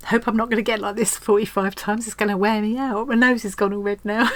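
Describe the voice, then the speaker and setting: A woman vlogger chatting casually at home as she opens a craft swap parcel, gushing and excitable, with frequent restarts. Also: mid-range voice, a little fast, few pauses, low-quality recording. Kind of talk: casual unboxing chat.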